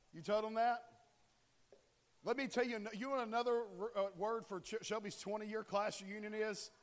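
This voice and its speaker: A man in his forties preaching a casual, joking sermon and often asking the congregation questions. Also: high voice. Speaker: pastor. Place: church sanctuary. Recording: long hall reverb.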